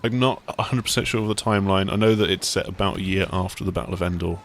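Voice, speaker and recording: A man's voice: low-pitched, quick pace, slight background noise. A man hosting a casual video game chat, talking in a rambling, enthusiastic way. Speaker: gaming site host.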